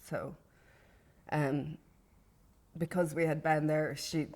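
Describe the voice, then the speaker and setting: A woman in a documentary interview, calmly recounting what the doctor told her. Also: sits low, slow pace.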